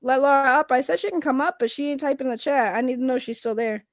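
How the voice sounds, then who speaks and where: A woman with a Boston accent hosting a casual livestream, loud and laughing, swearing as she talks to her chat. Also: high-pitched, fast, no room sound, clean studio sound. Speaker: livestream host.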